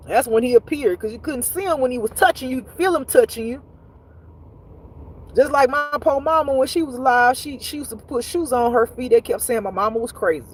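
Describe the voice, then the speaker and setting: Slightly high-pitched and brisk, this woman's somewhat rough voice comes through a low-quality recording. On a relaxed livestream, the intuitive spirituality teacher spins lively, foul-mouthed stories punctuated by frequent laughter, speaking straight to her audience and reading out their comments.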